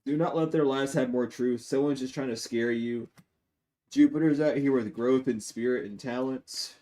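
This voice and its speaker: Profane, blunt male tarot reader. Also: moderate pace. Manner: blunt and profane, swinging between loud outbursts and low mutters. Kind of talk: live-streamed tarot reading.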